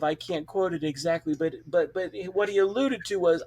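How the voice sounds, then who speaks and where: A man's voice: a little high, a little fast, hardly any pauses, darkish tone, slightly rough. A man who is a police officer, a guest on a podcast telling a story casually, with many restarts. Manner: rambling storyteller with many restarts and quoted voices.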